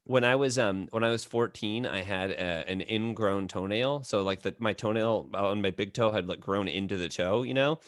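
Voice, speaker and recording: A man co-hosting a livestream, telling stories in a rambling, animated way with lots of fillers. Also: fairly low pitch, normal speed, hardly any pauses, no echo, studio quality. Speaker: podcast co-host. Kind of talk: casual livestream chat.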